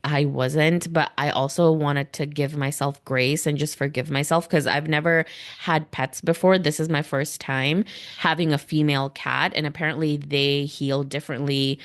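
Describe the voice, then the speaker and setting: A woman's voice: low-pitched, fairly even intonation, normal speed. A young woman hosting a spiritual podcast, talking casually and heartfelt, full of "like" and "you know". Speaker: podcast host.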